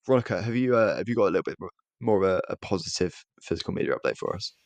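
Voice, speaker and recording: Gravelly young British man. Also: low voice, expressive, very fast, no echo. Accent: British English. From Britain. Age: young adult. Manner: rambling, self-deprecating, restarts often. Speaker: podcast co-host. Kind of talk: casual chat.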